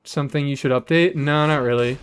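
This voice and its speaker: Animated man streaming a game. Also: a little high, brisk, smooth. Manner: animated, rambling, swears freely, reads chat aloud. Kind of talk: casual live-stream chat.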